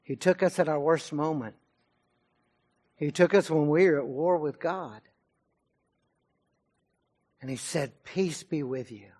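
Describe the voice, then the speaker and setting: A man preaching a sermon, his delivery swelling to loud passages and sinking to quiet ones. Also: a little high, slow pace, long pauses. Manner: preaching with rising and falling intensity. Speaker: pastor.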